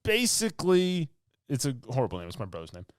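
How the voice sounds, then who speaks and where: Smooth-voiced man recapping a movie casually. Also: mid-range voice, wildly swooping pitch, fast talker. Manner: rambling, filler-heavy storytelling with laughs. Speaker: podcast co-host.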